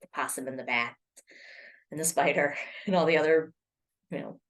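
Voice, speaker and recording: A woman's voice: sits low, moderate pace. A woman rambling casually to her laptop camera, full of ums and restarts. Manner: chatty, rambling, many ums. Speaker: poetry vlogger. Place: home room at a laptop. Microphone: laptop mic.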